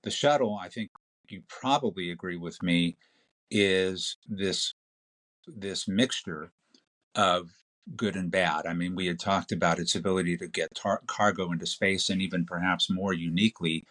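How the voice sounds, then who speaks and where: A man guest on a podcast interview, explaining in a measured, detailed way. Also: low-pitched, fairly even intonation, a bit bright. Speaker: interview guest, space expert. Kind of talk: conversational explanation.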